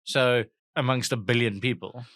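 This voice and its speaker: A man's voice: mid-range voice, steady tone, normal speed, a bit bright, no room sound. A man with a South African accent co-hosting a comedy trivia podcast, teasing his partner in casual chat and laughing often. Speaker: podcast co-host.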